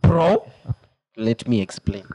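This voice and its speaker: Animated young man telling a story. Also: medium pitch, slow, breathy edge, no room sound, low-quality recording. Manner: animated, laughs often, quotes people in put-on voices. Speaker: podcast co-host. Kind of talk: casual storytelling chat.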